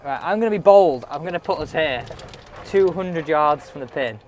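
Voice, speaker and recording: A man chatting excitedly as he reviews golf clubs outdoors on a course. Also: fairly high pitch, normal speed, slight background noise. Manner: chatty, excitable, thinking aloud. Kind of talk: casual on-course commentary.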